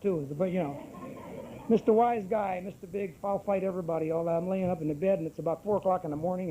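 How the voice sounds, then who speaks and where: A man's voice: high-pitched, dark tone, highs cut off, a little hiss or hum. A middle-aged man giving a brash, wisecracking personal testimony at a recovery group meeting. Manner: brash, salty storyteller with wisecracks.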